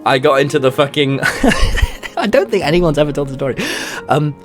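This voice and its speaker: A man's voice: a little high, normal speed, faint music behind. A young man, telling rambling stories in a casual chat and swearing as he goes. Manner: rambling, animated storytelling with swearing and laughter.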